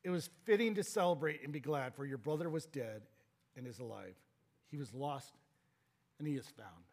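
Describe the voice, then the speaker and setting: A man's voice: lively intonation, moderate pace. Emphatic preaching man. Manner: rising to emphatic exhortation, dropping low for quiet points. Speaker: pastor. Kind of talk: sermon.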